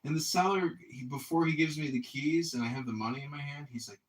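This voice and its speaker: A man's voice: fairly high pitch, fast talker. A man in a casual chat, telling a story with lots of swearing and quoted voices. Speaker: candidate podcast host. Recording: echoey room, distant mic, faint noise.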